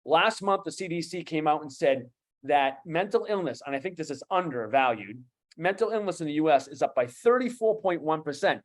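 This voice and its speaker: A man in his fifties with a Boston accent, speaking as a guest coach on an online talk show, animated and emphatic, repeating key phrases. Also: on the high side, a little fast. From USA. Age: 50s.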